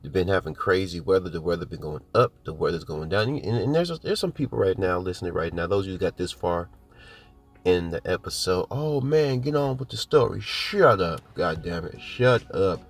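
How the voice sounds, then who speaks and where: A man hosting his podcast, hoarse from a cold, rambling and boastful as he talks straight to his listeners. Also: sits low, a little fast, soft background music. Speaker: podcast host. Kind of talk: casual podcast monologue.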